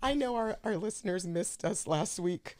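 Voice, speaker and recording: Laughing woman co-host with lively pitch. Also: normal speed. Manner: laughing, dry asides. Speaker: podcast co-host. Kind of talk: casual comedic chat.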